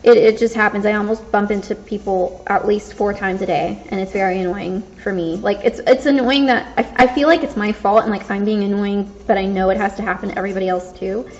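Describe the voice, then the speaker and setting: A woman's voice: medium pitch, fairly even intonation, brisk, few pauses, darkish tone, slight background noise. A young woman vlogging casually, rambling and self-conscious, full of fillers and restarts. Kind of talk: casual storytelling vlog. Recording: dull lo-fi recording.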